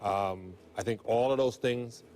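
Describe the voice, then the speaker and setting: 40s guy on a sports panel, mid-pitched voice, earnest, rambles and restarts a lot. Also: measured pace, a little mellow, slight background noise. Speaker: sports analyst. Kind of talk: sports talk show discussion.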